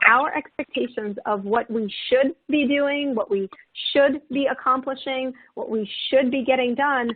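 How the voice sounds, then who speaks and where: A woman panelist talks through a webinar in a casual, encouraging way, leaning on "right?" and "like" as she goes. Her voice sits a little high. It comes over a narrow, phone-like line with no room sound. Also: dry recording. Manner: warm encouraging, many "right?" and "like" fillers. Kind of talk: webinar talk on self-compassion. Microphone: video call. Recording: tinny phone-like call audio.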